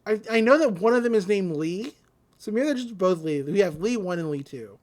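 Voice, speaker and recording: A woman's voice: medium pitch, animated, a little fast, a little mellow. A woman casually recapping a cartoon episode on a podcast, rambling and acting out the characters. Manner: rambling storytelling with fillers and laughs, acting out characters. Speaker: podcast co-host.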